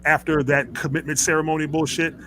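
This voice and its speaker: A man's voice: a little high, flat delivery, fairly quick, low-quality recording. Heated, rambling man hosting wrestling talk. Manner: heated, rambling, frequent restarts and stammers. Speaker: host. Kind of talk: casual wrestling talk show.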